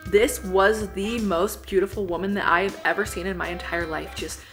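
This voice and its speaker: A young woman vlogger telling a comedic personal story in an animated way, swearing freely and acting out the people she quotes. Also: medium pitch, normal speed, soft background music. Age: young adult.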